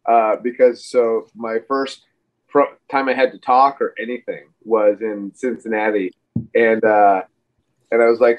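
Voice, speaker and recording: A man's voice: on the low side, flat delivery, a little slow, dull audio. A man in his forties, a guest on a podcast, talking casually and rambling with many fillers and restarts. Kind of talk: casual interview chat.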